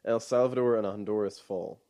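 A man in casual podcast chat, relaxed and trailing off with fillers. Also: fairly low pitch, a little fast.

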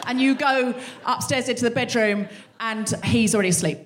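High-voiced woman doing live comedy. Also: a little fast, few pauses, noisy background. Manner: swearing, acting out both sides of a row. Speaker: podcast host. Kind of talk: live stand-up monologue. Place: concert hall in front of a live audience.

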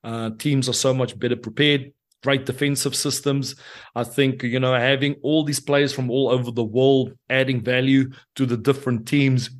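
South African ex-prop telling stories. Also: male voice, mid-range voice, normal speed. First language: Afrikaans. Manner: animated storyteller, acts out quotes, laughs often. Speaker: former prop, guest. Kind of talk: casual podcast chat.

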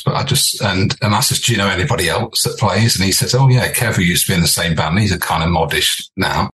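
A man's voice: sits low, a bit bright, rough recording. A man in his sixties from England, a guest musician telling stories in a casual, chatty way and acting out old conversations. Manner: chatty, acts out old dialogue. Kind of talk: casual storytelling chat.

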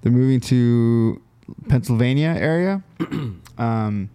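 A man's voice: mid-range voice, takes it slowly, warm tone, smooth, no echo. A young man co-hosting a podcast in casual, rambling chat. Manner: laid-back, rambling with restarts. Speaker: podcast co-host.

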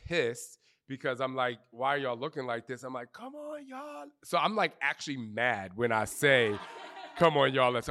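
Animated slangy man telling stories. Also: mid-range voice. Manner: animated, slangy, cursing, acts out quotes. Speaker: fitness trainer interviewee. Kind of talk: candid storytelling Q&A before a live group. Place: outdoor retreat gathering.

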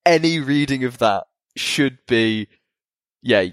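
A man's voice: mid-range voice, lively intonation, moderate pace, dry recording. A man co-hosting a podcast, rambling and chatty with frequent laughter. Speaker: podcast co-host. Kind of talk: casual podcast chat.

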